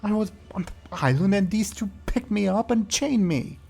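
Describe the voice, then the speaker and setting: A man voicing the Weasel, a cowardly, panicky male prisoner who whines and swears in a shrill, frantic voice. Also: expressive, normal speed, gravelly, dark tone, husky, exaggerated voice.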